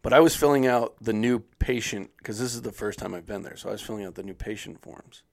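A man casually telling a funny story on a podcast, acting out other people's lines with a lively put-on voice. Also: on the low side, fast talker, vocal fry.

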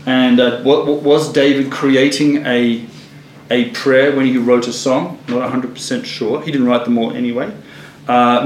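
A man leading a casual Bible study, chatty and laughing, often restarting his sentences. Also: medium pitch. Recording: echoey room with faint noise.

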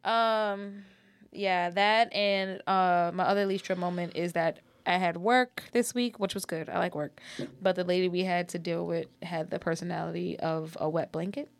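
A woman's voice: lowish voice, fairly even intonation, normal speed, vocal fry, dry recording. A woman co-hosting a casual chat, talking loosely with many fillers. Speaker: podcast co-host.

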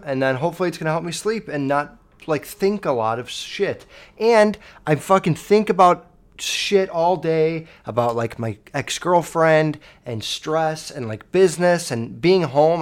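A young man telling a rambling personal story to the camera, swearing often and acting out his own past panic. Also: a little high.

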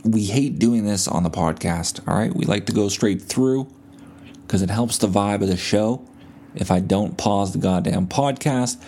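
A man's voice: on the low side, unhurried, mellow. A man hosting a casual solo podcast from his bed at home, telling stories in a laid-back, profane, rambling way with many fillers while buzzed on painkillers. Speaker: podcast host.

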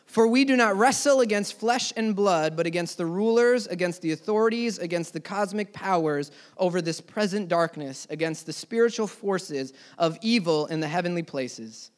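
A young man preaching a sermon, telling a personal story earnestly, his voice dropping low and soft then rising loud. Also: normal speed, hardly any pauses.

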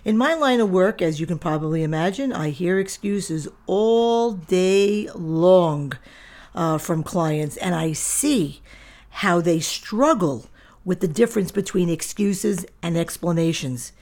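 A middle-aged woman with a somewhat low voice hosts her own solo podcast. She speaks firmly and directly, in a lecturing tone. Her delivery stays steady and plain, as if giving straight advice to her listeners. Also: takes it slowly. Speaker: podcast host and diet center owner.

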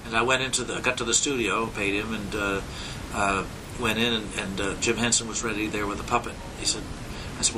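A man's voice: lowish voice, brisk. Older man telling stories over room hum. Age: 70s. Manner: relaxed storytelling with many fillers. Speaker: puppeteer interviewee.

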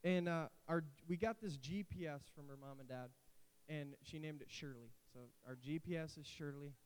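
Speaking at normal speed in a clear, resonant voice on the high side, a man in his late twenties preaches casually as a youth pastor. He tells lively stories peppered with asides and jokes, though the low-quality recording has a faint hiss.

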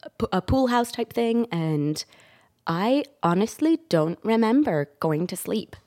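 A woman's voice: medium pitch, expressive, a little slow, warm tone. A woman, an actor and director, chatting as a podcast guest in a rambling, laugh-prone way. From England. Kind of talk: casual interview chat.

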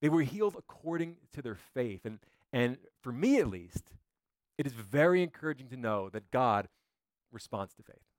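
A man's voice: mid-range voice, sing-song, moderate pace, dry recording, clean studio sound. A man preaching a sermon as a pastor, quoting scripture dramatically, with occasional stammered restarts.

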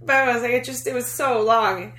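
A woman co-hosting a casual chat and recapping a TV episode, chatty and quick to laugh. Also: a little high. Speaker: podcast co-host. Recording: echoey room.

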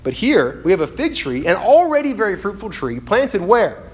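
A man preaching a sermon in an animated, conversational way, often acting out quotes and restarting his phrases. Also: sits high, moderate pace.

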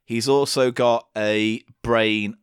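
A man co-hosting a casual podcast chat, telling stories in a sardonic, animated way. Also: mid-range voice, slow, clear, resonant tone, no room sound, clean studio sound. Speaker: podcast co-host.

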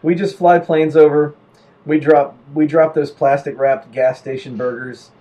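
A man's voice: fairly high pitch, fairly even intonation, a little slow, dark tone, muffled recording. A man chatting casually, joking and riffing on silly scenarios. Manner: joking, riffs with put-on quoted voices and laughs. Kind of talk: casual podcast chat.

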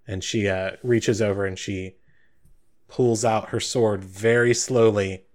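Man running a tabletop game, low voice, relaxed descriptive delivery. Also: takes it slowly. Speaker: game master.

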